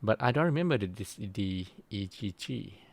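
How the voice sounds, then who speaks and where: A man giving a recorded university lecture, explaining slowly and pausing often to search for his words. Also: on the low side, lively intonation, vocal fry, no echo. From Thailand. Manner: slow, halting explanation with frequent pauses to search for words.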